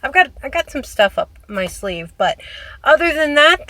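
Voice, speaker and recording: Animated late-20s woman telling a vlog story, bright voice kinda high, dry close sound, lots of "like". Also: moderate pace, dry recording. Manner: animated, chatty, full of "like" and acted-out quotes. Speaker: storytelling channel host. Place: parking lot.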